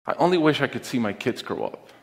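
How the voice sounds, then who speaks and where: A middle-aged man telling a personal story on stage, with an earnest, deliberate, heartfelt delivery and pauses. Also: mid-range voice, sing-song, gravelly. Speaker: conference speaker. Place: stage in a large auditorium. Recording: long reverb of a large auditorium.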